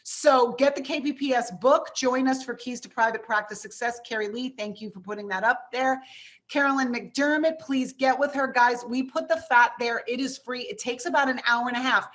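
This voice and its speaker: A woman's voice: on the high side, fairly bright tone. Chatty New York woman hosting a webinar. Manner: brisk, chatty, enthusiastic. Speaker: webinar host. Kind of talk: casual webinar wrap-up.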